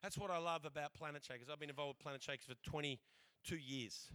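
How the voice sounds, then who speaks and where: An Australian man preaching a sermon, telling a lively church story with animated, repeating delivery. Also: on the high side, fast talker. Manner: animated, repeats words as he speeds along.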